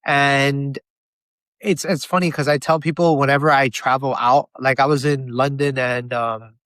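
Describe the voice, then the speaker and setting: A man's voice: medium pitch, moderate pace, dry recording. A young man from Miami, a guest telling stories in a casual chat over a video call. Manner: chatty, animated storyteller.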